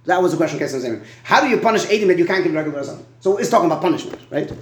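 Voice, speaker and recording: A man leads a Talmud study class at a rapid clip, his voice pitched a little high. He thinks out loud, repeating words as he searches for a point. The room is echoey. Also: animated. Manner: fast, questioning, repeats words while thinking aloud. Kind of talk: animated Talmud study debate.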